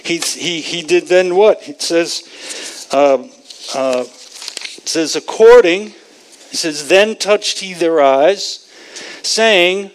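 A man preaching a sermon, animated, acting out the scripture figures in voices. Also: high-pitched, slow, long pauses.

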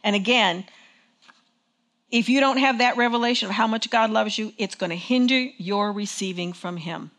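In a church full of people, a woman preaches conversationally, with a medium-pitched, slightly bright voice at a moderate pace. She checks in with the congregation, leads call and response, and often asks "okay?".

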